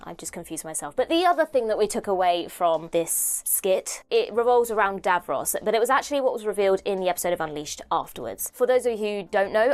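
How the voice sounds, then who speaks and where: A woman's voice: medium pitch, a little mellow. A young woman from the United Kingdom hosting a casual video commentary, chatty and self-deprecating, thinking aloud as she talks. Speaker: host.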